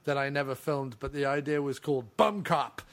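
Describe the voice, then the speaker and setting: A man's voice: mid-range voice, moderate pace, fairly bright tone. A man co-hosting a comedy podcast, rambling through silly bits and laughing a lot. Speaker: podcast co-host. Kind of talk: casual comedy chat.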